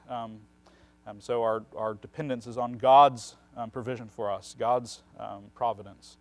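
A man teaching on the Bible in a relaxed, conversational way, explaining at length and often checking in with a questioning "right?". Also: mid-range voice, normal speed, dry recording.

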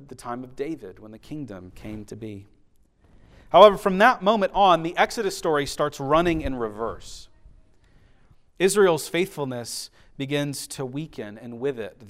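A man preaching a sermon, swinging from loud declarations down to hushed, soft emphasis, with rhythmic repeated phrases. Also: mid-range voice. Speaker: pastor.

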